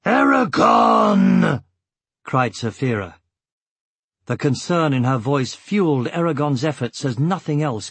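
A man narrates a story in a measured, deliberate way, letting dramatic moments sink in. His voice sits at an ordinary male pitch with a touch of huskiness. The sound is dry and close, with no room around it. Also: husky, no room sound. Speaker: audiobook narrator. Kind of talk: scripted narration.

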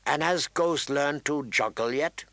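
A man's voice: on the high side, measured pace, bright, forceful tone, dry recording. A man voicing a wry, sardonic dwarf nobleman with a dry, drawling delivery.

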